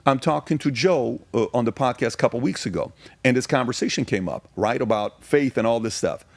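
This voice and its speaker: A man's voice: mid-range voice, a little fast, gravelly, dry recording. A man in his forties from Iran, a podcast guest telling his story in an emphatic, casual way and firing off rhetorical questions.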